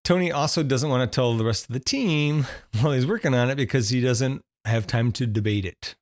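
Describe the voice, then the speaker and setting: A man's voice: medium pitch, a little fast, no echo, studio quality. A man co-hosting a podcast, reviewing a film in casual chat, laughing often and restarting his thoughts. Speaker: podcast co-host.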